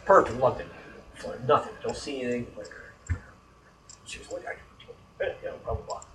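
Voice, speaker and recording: A man's voice: medium pitch, lively intonation, normal speed, reverberant, distant mic, background noise. A man telling a story in casual chat, rambling and swearing, getting worked up when annoyed.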